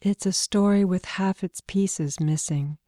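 A woman voicing a surly, sharp-tongued young scholar in a storybook reading, talking tersely and dryly. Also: mid-range voice, measured pace, no echo, studio quality, close to an everyday voice.

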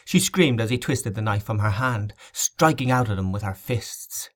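A man narrating an audiobook novel in a measured, dramatic reading. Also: on the low side, animated.

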